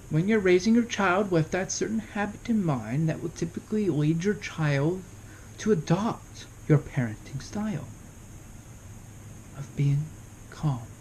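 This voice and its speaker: A young man in his early twenties vlogs casually to camera, offering parenting advice and asking rhetorical questions. His voice is high with a darkish tone, and there's slight background noise.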